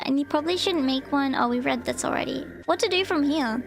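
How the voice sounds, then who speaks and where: A woman streaming live, reading a guide aloud and chatting hesitantly with many pauses and ums. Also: sits high, soft background music. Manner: hesitant, full of ums and restarts. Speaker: VTuber streamer.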